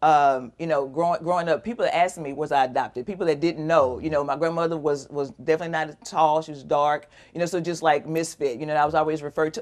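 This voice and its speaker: A woman's voice: sits low, steady tone, fast talker, few pauses. A middle-aged woman, a guest on an interview show, telling an emotional personal story and animatedly acting out the voices of people she quotes.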